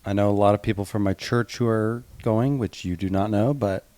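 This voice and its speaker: A man co-hosting a podcast in casual chat, throwing in quick reactions. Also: fairly low pitch, steady tone, mellow, dry recording. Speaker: podcast co-host.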